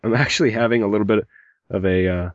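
A podcast host with a fairly low-pitched voice talks fast in a dry recording. He rambles and jokes while reading listener messages aloud, despite a mild migraine, and the lo-fi audio sounds dull.

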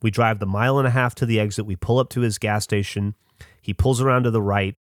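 A man's voice: on the low side, fairly even intonation, fast, no echo, clean studio sound. A man casually telling a long, rambling story as a podcast host, with lots of swearing and restarts.

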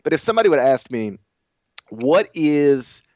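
A man co-hosting a podcast in casual chat, halting with many fillers and laughing often. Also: fairly high pitch, big pitch swings, darkish tone, dry recording, dull audio. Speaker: podcast co-host.

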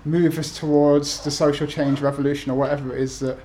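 A man's voice: on the high side, little pitch movement, brisk, mellow, slight background noise. A man in his thirties from the UK, an author talking to an event audience with many ums and restarts, then reading his essays aloud. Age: 30s.

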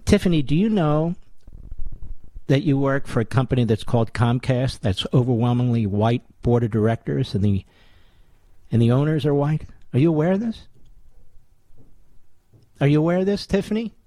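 A man's voice: mid-range voice, lively intonation, moderate pace, pauses often, warm tone, dry recording. A middle-aged man hosting a talk radio show, delivering a combative, sarcastic monologue full of rhetorical questions.

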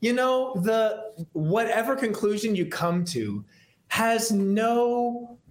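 Man, musician guest, casual rambling podcast chat, slightly high voice, roomy echo. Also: animated, takes it slowly. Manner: laid-back, rambling, laughs easily. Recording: roomy echoey sound.

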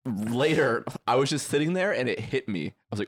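A man's voice: mid-range voice, animated, fairly quick, husky. A young man co-hosting a podcast, rambling through a self-deprecating anecdote. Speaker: podcast co-host. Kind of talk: casual chat.

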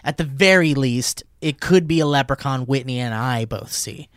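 A man's voice: medium pitch, normal speed, clean tone, dry recording. A man hosting a podcast, chatting casually and laughing often. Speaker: podcast host. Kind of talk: casual chat.

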